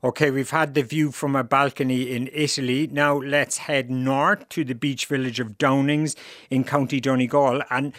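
A man's voice: mid-range voice, little pitch movement, moderate pace, a bit bright. An Irish man hosting a radio interview, chatty and teasing, often laughing with his guests. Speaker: radio show host.

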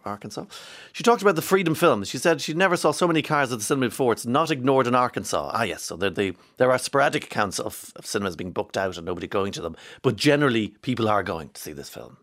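A man's voice: lowish voice, a bit bright. A man from County Monaghan with an Irish accent, hosting a morning radio show in a rambling, chatty way from a studio microphone. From Ireland, County Monaghan. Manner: chatty, rambling, reads out listener texts. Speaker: radio host. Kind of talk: casual morning radio chat.

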